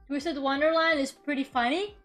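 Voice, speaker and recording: A woman's voice: high voice, fairly bright tone. A woman streamer chatting casually and rambling from her room, now and then swearing and talking to her viewers. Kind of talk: casual live-stream chat. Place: her own room at home.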